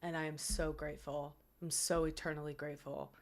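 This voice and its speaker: A woman's voice: sits low, level tone, fairly quick. Young woman streamer, casual chat, earnest and rambling, home setup. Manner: earnest, grateful, rambling with fillers.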